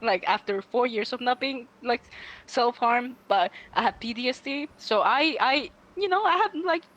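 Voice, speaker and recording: Young Finnish woman, casual podcast chat, lively swooping voice, a bit high. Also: normal speed, lo-fi sound. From Finland. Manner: animated, acts out quoted voices. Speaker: podcast guest.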